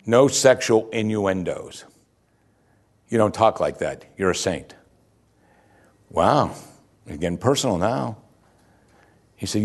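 A man with a somewhat low voice preaches a sermon. He talks in a lively, conversational way, chuckling at his own asides. Now and then he climbs to emphatic, raised peaks. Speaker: pastor.

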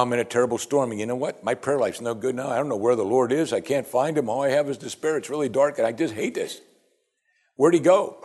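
A man delivers a sermon with a very lively, swooping pitch. He slips into higher, playful voices to act out the people he quotes, then drops back into a plain, even teaching tone. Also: slightly rough. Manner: animated, acts out quoted voices in a raised pitch. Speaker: pastor.

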